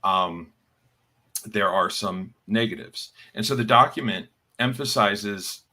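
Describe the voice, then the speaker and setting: A man co-hosting a podcast, chatting casually and halting with fillers and restarts. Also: fairly low pitch, sharp tone. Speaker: podcast co-host. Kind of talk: casual chat.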